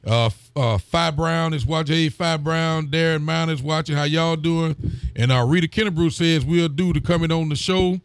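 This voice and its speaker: A man's voice: fairly high pitch, fairly even intonation, normal speed, smooth, no room sound. A man, a sheriff hosting a local show and greeting viewers by name in a friendly, casual way. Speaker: county sheriff and show host. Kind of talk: casual chat reading out viewer comments.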